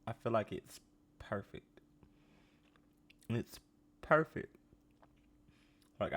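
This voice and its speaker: A podcast host with a lowish voice riffs on a reality show. He's casual, profane and animated, and he talks straight to his listeners.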